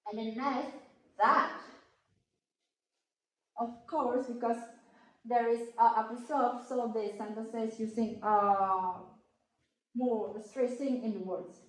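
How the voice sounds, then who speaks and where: Slow, halting woman in an echoey room. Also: a little high, steady tone. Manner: slow, halting, careful over each word. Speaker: student presenter. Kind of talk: classroom explanation.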